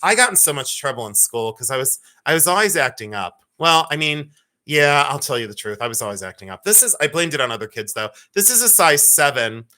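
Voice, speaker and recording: A man with a bright, slightly high voice hosts a live jewelry sale in a loose, chatty way. He jokes, teases and laughs easily. He rambles a little as he greets viewers by name. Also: big pitch swings, a little fast. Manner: playful, joking, laughs often, teasing. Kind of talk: casual live-stream selling chat.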